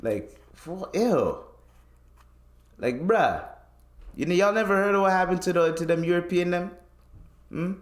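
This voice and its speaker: A man's voice: high-pitched, animated, unhurried, pauses often, roomy sound. A young man hosting a podcast, ranting casually and profanely with laughs. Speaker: podcast host. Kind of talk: casual solo podcast rant.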